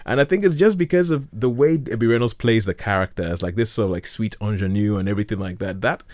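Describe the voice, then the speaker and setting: A man hosts a casual chat about classic films, eager and rambling as he circles back over his points. His voice sits on the low side and the recording is dry and close. He keeps restarting his sentences as his thoughts run ahead. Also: fast talker, a little mellow, no echo.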